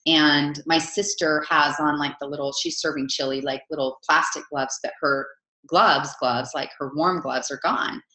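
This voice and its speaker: Low-voiced woman coach, chatty and heartfelt, roomy sound. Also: fairly even intonation, moderate pace. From Utah, USA. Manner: chatty, warm storytelling with many "right?" asides. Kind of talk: live online coaching session. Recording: roomy echo.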